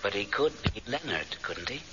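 A man's voice: lowish voice, very animated, normal speed, pushed and bright. An actor playing a sly, teasing male ghost in a radio drama, coaxing and drawing out his words. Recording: dull lo-fi radio recording.

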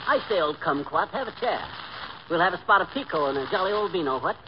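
A blustering fellow puts on a pompous fake posh English gentleman, as a man hams it up, piling on stock slang. The voice is high for a man and bounces widely in pitch. It sounds dull and muffled on an old radio recording with clear hiss. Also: animated, fast. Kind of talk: 1940s radio comedy acting.

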